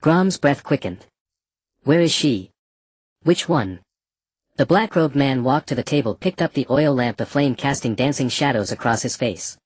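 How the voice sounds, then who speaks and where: An audiobook narrator reading a fantasy novel in an even, measured storytelling manner. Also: medium pitch, slightly rough, no echo.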